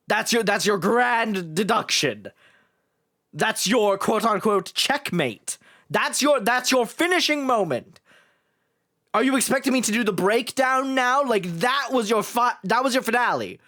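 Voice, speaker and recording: A young woman streaming a game, her voice high and wildly animated as she rants and swears in exasperation. She talks loudly into a desk mic. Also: measured pace. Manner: loud, profane, exasperated ranting with laughter. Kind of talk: live game stream commentary.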